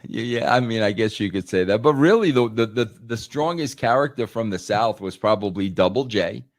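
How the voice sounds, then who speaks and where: A man's voice: lowish voice, expressive, fairly quick, no echo, clean studio sound. A man talking in a casual podcast chat, emphatic, repeating words and saying "bro" a lot. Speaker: podcast guest, former wrestling writer.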